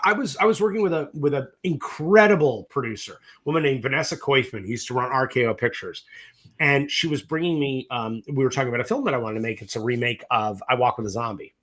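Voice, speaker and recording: A middle-aged film director tells profane, lively stories in a casual interview, talking fast in a mid-range voice. He animatedly acts out both sides of conversations.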